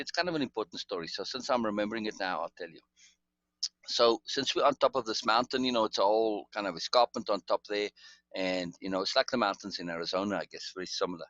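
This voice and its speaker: Lively rambling man telling a story. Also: fairly low pitch, dry recording, muffled recording. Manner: rambling, frequent restarts and asides. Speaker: guest storyteller. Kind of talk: casual storytelling in conversation.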